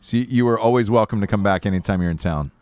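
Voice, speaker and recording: A man's voice: fairly low pitch, quick pace, darkish tone, clear, resonant tone, no room sound, clean studio sound. A man hosting a podcast in casual chat, enthusiastic and profane. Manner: enthusiastic, profane, restarts a lot. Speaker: podcast host.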